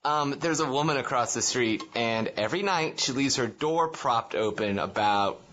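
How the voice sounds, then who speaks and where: A man's voice: medium pitch, normal speed, sharp tone. A man co-hosting a podcast, telling a story in a rambling casual way with many fillers and laughs at himself. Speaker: podcast co-host. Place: living in Japan.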